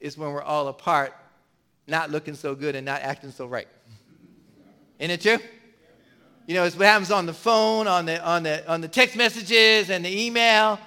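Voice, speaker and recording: A male pastor preaching a sermon with passion, often asking the congregation rhetorical questions and swinging between loud and soft. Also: a little high, steady tone, normal speed, pauses often, smooth. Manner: passionate, varies loudness a lot, rhetorical questions.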